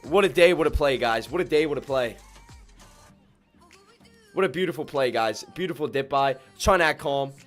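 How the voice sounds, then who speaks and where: Excitable male day-trading streamer. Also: medium pitch, normal speed, long pauses, faint music behind. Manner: excitable, swings from calm muttering to loud whoops; slangy, keeps addressing viewers as ladies and gentlemen. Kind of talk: live trading stream commentary.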